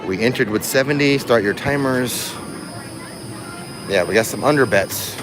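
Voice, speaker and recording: A man's voice: medium pitch, moderate pace, crowd noise, noisy background. Chatty man livestreaming outdoors. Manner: chatty and joking, talks to viewers. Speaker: vlogger host. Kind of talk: casual livestream chat. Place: outdoors in a theme park. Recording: music playing clearly behind.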